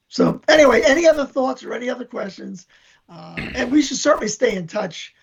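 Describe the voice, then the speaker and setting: An older New man with a deeply gravelly, husky voice that swings widely in pitch as he rambles through boastful stories. The recording sounds dull and lo-fi. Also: animated, moderate pace, a bit bright. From New York. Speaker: band member, guest. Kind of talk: casual chat.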